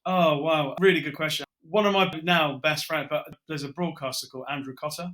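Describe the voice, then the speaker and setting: A middle-aged British broadcaster spins stories in an easy podcast chat. His voice is bright and clear. He slips into the lines he and others said as he tells each tale. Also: a little high, a little fast. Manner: lively storyteller, acts out his own quotes. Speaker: broadcaster guest. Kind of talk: casual podcast chat, anecdotes.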